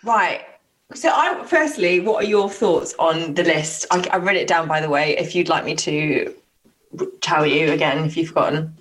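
A woman's voice: low voice, normal speed, slight background noise, rough recording. A woman co-hosting a podcast, chatting casually in a forthright, playful way. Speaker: podcast co-host. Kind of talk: casual chat.

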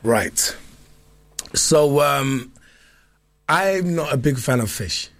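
A man's voice: medium pitch, animated, extremely slow, fairly bright tone, dry recording. A man, telling playful stories in casual chat with many restarts. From London. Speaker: guest. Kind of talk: casual storytelling.

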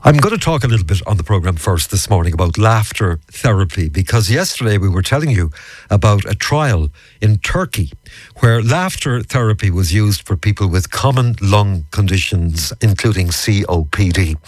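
A man hosting morning radio in a low voice. His pitch rises and falls a lot as he chats. The studio sound is dry and close. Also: breathy edge, no room sound. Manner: lively, conversational. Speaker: radio presenter.

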